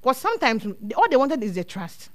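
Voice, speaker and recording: Guest expert, woman, high voice, dry close sound, earnest and repetitive. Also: very animated, a little fast, no room sound. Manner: earnest, repeats words as she thinks. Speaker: guest speaker on child welfare. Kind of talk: casual advice talk mixing two languages.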